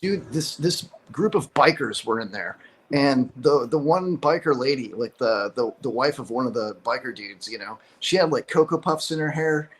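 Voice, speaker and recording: A man's voice: mid-range voice, lively intonation, moderate pace, rough recording. A man from Chicago, a comedian guest telling stories casually with lots of fillers and laughs. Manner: laughs often, many fillers. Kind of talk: casual storytelling.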